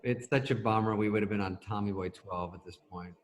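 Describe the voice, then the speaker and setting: A middle-aged man telling stories as a talk show guest over a video call, laughing through them and doing quick impressions of other people. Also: fairly low pitch, fairly even intonation. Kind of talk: casual anecdote telling.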